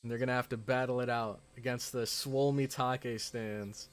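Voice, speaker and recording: A man's voice: medium pitch, normal speed, clear, resonant tone. Chatty male streamer reading a visual novel. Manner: chatty, excitable, with frequent "like" fillers. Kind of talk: reading game text aloud with casual commentary.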